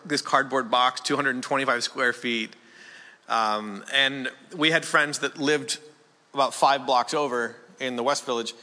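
Bright-voiced stand-up comic in a reverberant hall. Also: male voice, a little high. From small town in Canada. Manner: rambling, conversational, keeps asking the room questions. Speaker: stand-up comedian. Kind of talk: stand-up comedy set.

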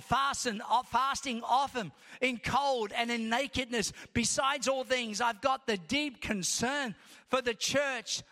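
High, bright-voiced preaching man in a hall. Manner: impassioned, rising to shouts, reads scripture in long rhythmic lists. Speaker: pastor. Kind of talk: preaching a sermon. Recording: long reverb of a large hall.

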